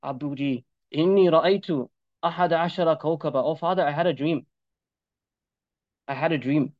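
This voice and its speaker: A man's voice: fairly high pitch, fairly even intonation, fast talker, no room sound, highs cut off, voice pushed down, close to an everyday voice. A man voicing an earnest young boy telling his dad a dream. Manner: earnest, trusting.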